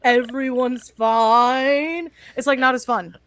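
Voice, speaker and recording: A woman from the American South with a Southern accent, chatting on a podcast and acting out quotes with animated, laughing energy. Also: sits high, takes it slowly. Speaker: podcast co-host. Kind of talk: casual chat.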